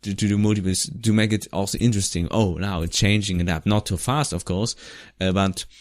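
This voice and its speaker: A vlogger with a fairly low, steady voice gives loose, casual commentary over footage of his own old video, talking a little fast. He wanders, restarts a lot, and laughs now and then, all in a dry, close recording with no room sound.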